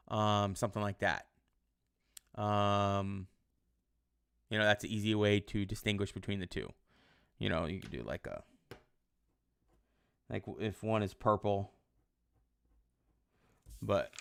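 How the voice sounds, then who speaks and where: A male teacher giving casual online class instructions in a relaxed, rambling way with many fillers. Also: on the low side, clean tone.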